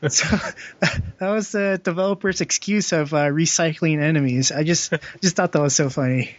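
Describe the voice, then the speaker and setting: A man's voice: on the high side, unhurried, pauses often, no echo. Young male podcast co-host with a slightly raised voice, loose and rambling, full of ums, likes and laughs, on a dull, dry recording. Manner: rambling, filler-heavy, laughs often. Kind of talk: casual gaming podcast chat.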